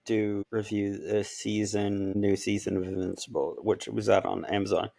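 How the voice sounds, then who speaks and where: A man in casual chat, telling stories with animated, acted-out quotes. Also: lowish voice, normal speed, vocal fry, no room sound, studio quality. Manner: animated storytelling, acts out quotes. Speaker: podcast co-host.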